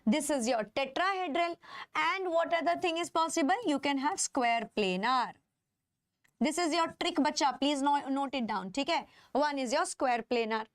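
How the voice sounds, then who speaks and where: Teaching chemistry in a live online session, a woman with an Indian English accent speaks in a high voice, captured at studio quality without room sound. She stretches out the terms she stresses and repeatedly checks in with her students.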